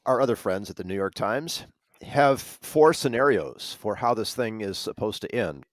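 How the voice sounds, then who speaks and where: Man, podcast co-host, wry sarcasm, animated pitch, dry close sound. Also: moderate pace, no echo. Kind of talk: political commentary chat.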